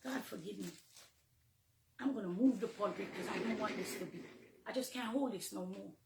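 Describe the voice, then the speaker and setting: A middle-aged woman with a Jamaican accent, a minister giving an emotional, confessional testimony from the pulpit, moving between hushed and fervent. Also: mid-range voice, normal speed, vocal fry, reverberant, noisy background. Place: church, near the pulpit.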